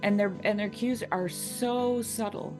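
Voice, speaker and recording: Brief: woman guest, mid pitch, earnest and emphatic, clear guitar music underneath. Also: fairly even intonation, measured pace. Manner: earnest, emphatic, checks in with "right?". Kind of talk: casual conversation.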